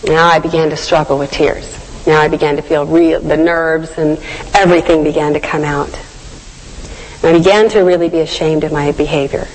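A woman's voice: low voice, steady tone, fairly quick. A woman giving a devotional sermon, telling a personal story in an earnest, reflective way. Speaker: devotional speaker. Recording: long hall reverb.

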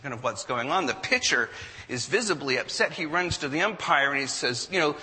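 Bright-voiced man telling a story in a hall. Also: medium pitch, fairly quick. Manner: animated storyteller, acts out quotes. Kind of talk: storytelling talk to an audience.

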